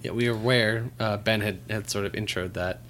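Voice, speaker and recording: A man co-hosting a casual chat, tossing in quick, crude wisecracks. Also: fairly low pitch, steady tone, a bit bright, a little hiss or hum. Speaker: podcast co-host.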